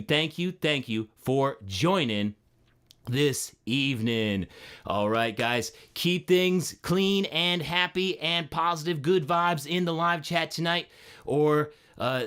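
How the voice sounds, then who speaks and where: A man hosting a live stream, energetic and friendly, greeting chat viewers one by one by name. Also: medium pitch, smooth.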